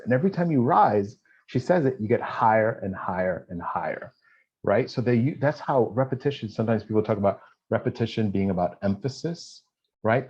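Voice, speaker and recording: A man teaching a writing class online, who talks conversationally, keeps checking in with his students, and reads poetry aloud with slow, dramatic pauses. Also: lowish voice, a little mellow, husky. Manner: conversational, checks in with "right?" often. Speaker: college writing instructor. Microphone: video call. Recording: dull lo-fi video call audio.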